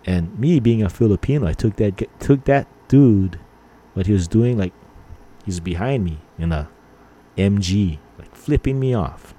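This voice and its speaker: A man's voice: on the low side, animated, normal speed, mellow, slightly rough. A middle-aged man from Hawaii hosting a podcast, rambling through stories with lots of fillers and acting out angry lines. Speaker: podcast host. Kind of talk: casual storytelling monologue.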